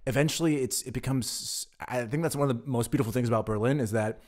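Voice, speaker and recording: An American man speaks as a guest in a casual conversation. His voice sits at a middle pitch, and he tells stories at length, often stumbling over the first words of a sentence. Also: fast talker, darkish tone. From United States. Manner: chatty storyteller, repeats words when starting sentences. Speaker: podcast guest. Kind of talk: casual chat.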